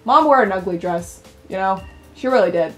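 A woman's voice: medium pitch, animated, normal speed, soft background music. Giggly, chatty young woman gamer. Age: young adult. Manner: chatty, laughing, swears freely. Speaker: let's play host. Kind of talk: casual gameplay commentary.

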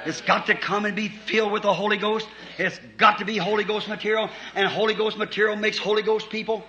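A man preaching a fervent sermon, swinging from shouted points to quiet storytelling. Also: sits high, level tone, brisk, few pauses. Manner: fervent, rising to shouts, then dropping soft for stories.

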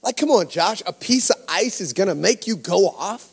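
A middle-aged man with a Cajun accent preaching a sermon, telling personal stories and swinging from quiet asides to shouted lines. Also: sits high, animated, normal speed, creaky, slightly rough. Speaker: pastor.

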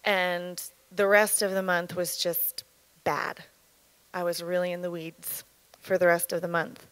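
A woman in her thirties giving an earnest, candid personal testimony as a church speaker, speaking in a measured way. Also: fairly low pitch, level tone, fairly bright tone, no room sound, poor audio.

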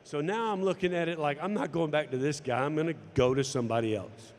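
A man tells a personal story, acting out each exchange with lively energy. His voice sits a bit high for a man. The sound carries a long reverb tail. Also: fast. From United States. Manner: animated storytelling, acting out dialogue. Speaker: golf instructor and former tour pro. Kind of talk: personal story told to camera.

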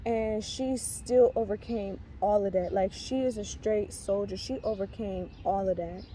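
In a casual vlog, a young, heavily pregnant woman gives her faith testimony, talking earnestly in a rambling way full of fillers and false starts. Her medium-pitched voice has a dark tone and a slightly slow pace, with a little hiss or hum behind it.

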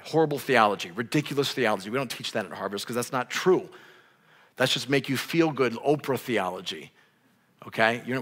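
A male pastor preaching a sermon in a casual, conversational way, with many restarts, growing louder and higher when stirred up. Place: church sanctuary, on a raised stage.

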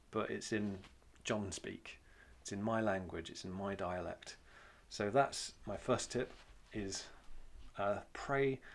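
A man's voice: fairly low pitch, gravelly. A man with a Welsh accent giving an informal church talk on prayer, plain-spoken and conversational, with many fillers and repeated phrases for emphasis. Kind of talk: informal sermon teaching.

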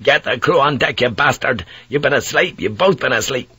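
A hard-bitten male ship's pilot, put on by a man narrating a storybook. His voice is husky and a touch breathy, and it jumps up high and loud when he barks orders at the crew. The sound is dry and close. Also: fairly even intonation, moderate pace, dry recording, close to an everyday voice. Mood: bellowing. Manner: loud raised shouting orders.

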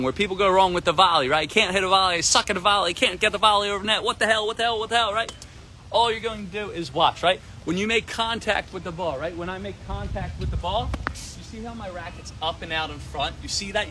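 A man teaching a tennis lesson on a live stream from an outdoor court, energetic and repetitive, often asking "right?". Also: a little high, a little hiss or hum. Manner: energetic, repeats himself, keeps asking "right?". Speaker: tennis coach.

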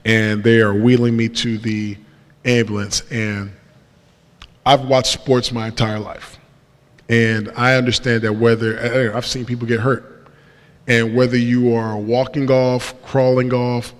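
A young man speaks to a congregation in a relaxed, conversational way, using everyday slang and taking on the voices of the people in his story. His voice sits at an ordinary middle pitch. The sound carries a long reverb from the church hall. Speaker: guest speaker. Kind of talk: testimony talk from the pulpit. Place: large church sanctuary.

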